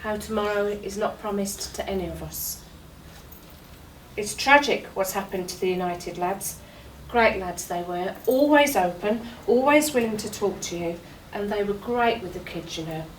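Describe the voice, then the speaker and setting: A woman's voice: medium pitch, normal speed, lightly acted. A woman writer reading the part of a shaken journalist in an earnest, reflective stage monologue. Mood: sombre. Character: shaken newspaper journalist after an air crash. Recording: roomy, distant mic, faint noise.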